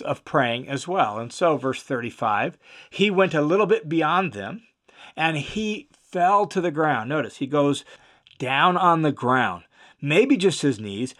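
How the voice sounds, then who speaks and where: Male Bible teacher, slightly higher voice, casual verse-by-verse explainer with fillers. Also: a bit bright. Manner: conversational, with fillers and restarts, stresses key words.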